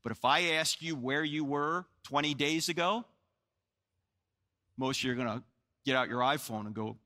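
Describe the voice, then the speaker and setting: A man's voice: medium pitch, normal speed, pauses often. A man in his sixties from New Jersey gives a live apologetics lecture to an audience, telling stories with joking asides and acting out dialogue. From New Jersey, USA. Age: 60s. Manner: animated storyteller, jokey asides, acts out dialogue. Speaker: Christian apologetics speaker. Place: large hall with live audience. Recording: long hall reverb.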